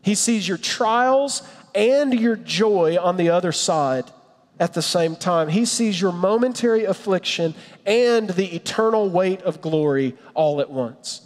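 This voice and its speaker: A man preaching a sermon in an earnest, reflective way, with a storyteller's pauses. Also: high voice, animated. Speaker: pastor. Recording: long reverb.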